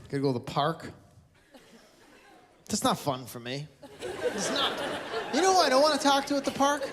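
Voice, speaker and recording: A man's voice: extremely high pitch, huge pitch swings, moderate pace. A man doing stand-up comedy on a theatre stage, teasing audience members in a playful way. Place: casino resort theatre stage. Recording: live show with crowd and background noise. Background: audience laughter.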